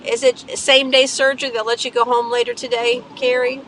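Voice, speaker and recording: A woman's voice: on the high side, little pitch movement, a little fast, a bit bright, rough recording. A woman hosting a live stream from her car, chatting casually with viewers and greeting them by name between remarks about traffic. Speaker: livestream host. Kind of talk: casual live-stream chat while driving. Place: inside a car on the road. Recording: road noise from a moving car.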